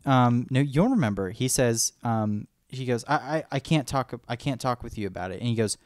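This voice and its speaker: A man's voice: medium pitch, lively intonation, a little fast, hardly any pauses, no echo. Guy gushing about films on a podcast, fillers everywhere, close dry mic. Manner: enthusiastic, rambling, acts out movie quotes. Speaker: podcast co-host. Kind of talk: casual fan chat.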